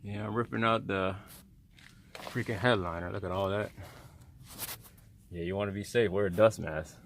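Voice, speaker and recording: A man's voice: low voice, fairly even intonation, normal speed, gravelly, slight background noise. A man casually walking through a car restoration project in a garage vlog, talking in a plainspoken, rambling way. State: out of breath. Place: home garage workshop.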